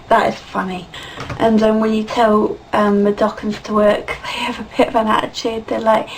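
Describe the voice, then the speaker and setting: A woman's voice: fairly high pitch, flat delivery, normal speed, far from the mic, a little hiss or hum, low-quality recording. Giggly woman reviewing a game. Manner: chatty and giggly, many fillers and laughs. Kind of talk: casual spoken game review.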